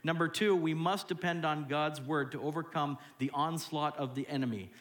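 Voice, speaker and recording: A man preaching a sermon as pastor, dropping to hushed tones and then jumping loud and high as he acts out what people say to God. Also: moderate pace, echoey room. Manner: acts out quoted voices, swinging from hushed to loud.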